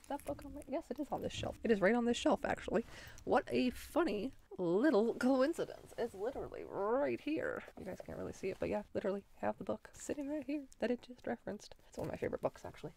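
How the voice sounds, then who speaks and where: A woman's voice: fairly quick, creaky, dry recording. A woman chatting casually in a reaction vlog from the corner of her bedroom, rambling with lots of fillers and big swings in her voice. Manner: rambling, filler-heavy, expressive swings in pitch. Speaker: vlogger and self-published author. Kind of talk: casual reaction vlog, reading posts aloud.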